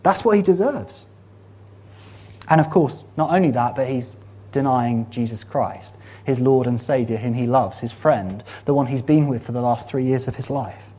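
A man preaching a sermon, earnest and emphatic, building to animated exhortation. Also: medium pitch, moderate pace.

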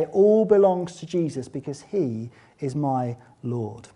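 A male preacher delivers a sermon in a fairly high voice. He swings from fervent, ringing exclamations to soft, chatty asides to his congregation. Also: animated, a little slow, few pauses. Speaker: pastor.

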